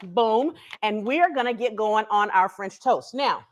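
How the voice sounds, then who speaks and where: A woman runs a live cooking stream from her home kitchen, talking and laughing straight to her audience through a camera she set up herself. Her medium-pitched voice is unhurried, and the audio sounds dull.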